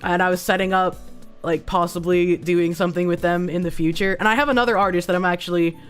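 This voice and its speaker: A woman with a hoarse, sick-sounding voice, chatting casually on a live stream as she reads donations, rambling and swearing freely. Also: on the low side, steady tone, fast talker, soft background music. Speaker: streamer reading chat and donations.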